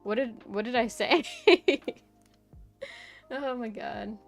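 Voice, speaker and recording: A woman's voice: fairly high pitch, slow pace, creaky, music in the background. A young woman streamer chatting casually, rambling through a story with lots of "like" and "right?".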